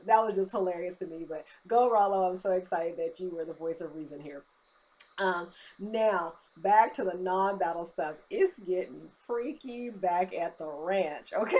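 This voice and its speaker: A woman with a slightly low voice runs through a TV episode recap in a relaxed, chatty way. She keeps stopping for asides and fillers, the way someone gossips with friends about a favorite show. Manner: gossipy and expressive, with many fillers like "you know" and "okay?".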